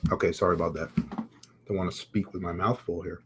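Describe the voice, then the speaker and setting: A man's voice: sits low, fairly even intonation, quick pace, heavy background noise. Chatty man hosting a crypto live stream. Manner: chatty, reads viewer comments aloud, thinks out loud with fillers. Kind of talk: casual live chart commentary.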